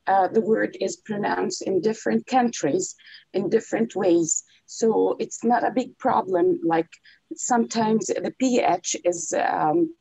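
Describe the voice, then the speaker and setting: Woman student, husky mellow voice, hesitant with fillers, dry close sound, video call. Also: mid-range voice, a little slow, no echo, low-quality recording. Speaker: student asking a question. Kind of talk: online class question.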